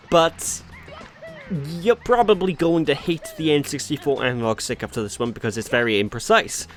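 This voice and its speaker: Chatty Welsh guy grumbling through a game. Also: medium pitch. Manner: chatty, exasperated, mildly sweary. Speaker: let's play host. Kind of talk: casual gameplay commentary.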